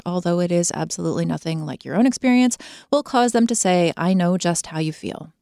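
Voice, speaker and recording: Woman podcast host, lowish voice, dry close-miked studio sound, emphatic and direct. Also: no echo. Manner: expressive, emphatic, talks straight to the listener. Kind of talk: conversational podcast monologue.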